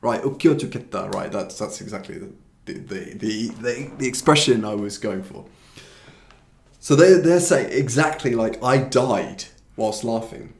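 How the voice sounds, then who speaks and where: Fast-talking, gravelly teacher. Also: male voice, medium pitch, expressive, echoey room. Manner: explains with repeated examples, switching between English and Korean. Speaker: English teacher. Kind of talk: live-streamed language lesson.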